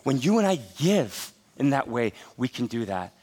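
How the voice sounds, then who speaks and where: A pastor in his forties preaching a sermon, telling stories with animated, laughing asides. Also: medium pitch, normal speed.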